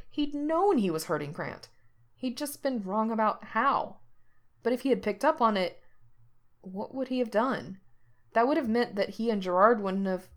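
A woman reads a story aloud in a steady, expressive narrating voice. Her pitch sits in a plain middle range, neither high nor low. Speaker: reader. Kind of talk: reading fan fiction aloud.

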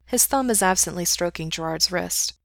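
Low gravelly woman reading a story. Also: moderate pace, a bit bright, no echo, studio quality. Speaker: story reader. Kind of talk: reading fan fiction aloud.

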